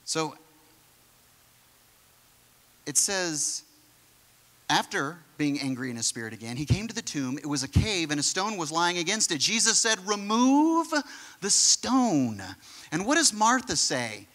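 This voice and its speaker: Male pastor, high bright voice, lively conversational sermon delivery. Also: normal speed. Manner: animated, conversational preaching with acted-out quotes.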